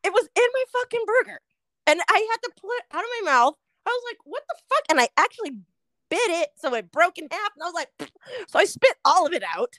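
A woman co-hosting a podcast, telling a fast food rant in casual chat, swearing freely and animated. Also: very high-pitched, no echo. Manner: swears a lot, animated ranting storyteller. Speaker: podcast co-host.

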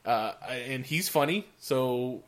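A man's voice: mid-range voice, lively intonation, slow, fairly bright tone. A man hosting a podcast in casual chat, steering topics with many hesitations and frequent laughter. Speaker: podcast host.

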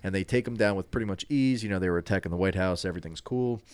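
A man's voice: sits low, rapid-fire, a little mellow, smooth. A man co-hosting a podcast in casual chat, rambling with lots of fillers and restarts. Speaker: podcast co-host.

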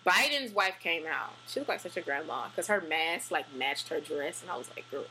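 A woman chatting casually, animated and full of fillers and restarts. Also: sits low, normal speed, slight background noise, poor audio. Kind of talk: casual chat.

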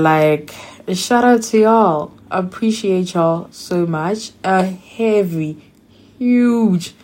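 A young woman from South Africa hosting her own podcast, chatting casually and excitedly with many "like" fillers. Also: on the low side. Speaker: podcast host. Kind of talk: casual solo podcast monologue.

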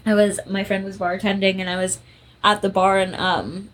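A woman's voice: mid-range voice, level tone, normal speed, fairly bright tone. A woman in her twenties co-hosting a podcast, chatting casually, rambling through stories and laughing often. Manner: giggly, rambling storyteller. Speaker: podcast co-host. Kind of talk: casual chat.

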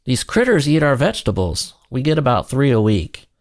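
A man's voice: medium pitch, sing-song, fairly quick, pitched above the performer's own voice. A man voicing an earnest, kind-hearted young man who stammers and apologizes. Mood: eager.

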